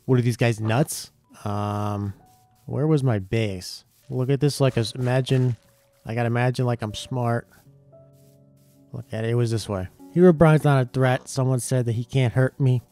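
A man giving casual gameplay commentary, excitable and swearing a lot, yelping when startled. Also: medium pitch, moderate pace, dry recording, faint music behind. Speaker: gaming YouTuber.

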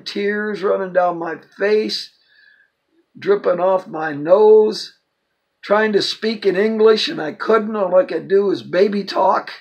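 An older man giving an informal Bible teaching, emphatic and quoting scripture with quick asides. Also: high-pitched, vocal fry, slightly rough, rough recording.

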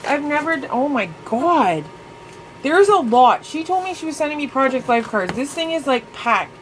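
A woman with a slightly high voice, gushing and excitable as she talks casually to her viewers. Her speech is loose and chatty, full of "um" and "like" as she reacts. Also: normal speed, slight background noise, low-quality recording. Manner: gushing, excitable, many fillers. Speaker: craft vlogger; mother. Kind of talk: casual unboxing chat.

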